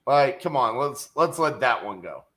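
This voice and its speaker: Bright-voiced man, joking and folksy. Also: mid-range voice, lively intonation, moderate pace. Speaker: co-host, real estate investor. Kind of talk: casual livestream chat reading viewer comments.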